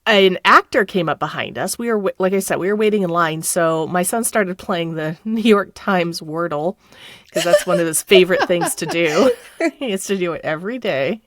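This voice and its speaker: A middle-aged woman guest telling a story in casual chat, her pitch leaping up and down as she laughs and acts out the people she quotes. The sound is dry and close, with no room around it. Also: expressive, moderate pace, no room sound.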